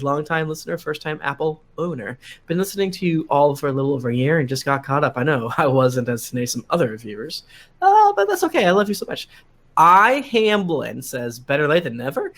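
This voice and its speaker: A man's voice: a little high, fairly bright tone. Chuckling man reading reviews aloud. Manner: reads quickly in bursts, with frequent "uh" and chuckles between reviews. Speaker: podcast cast member reading listener reviews. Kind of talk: casual reading aloud on a live stream. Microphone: desk mic on a live stream.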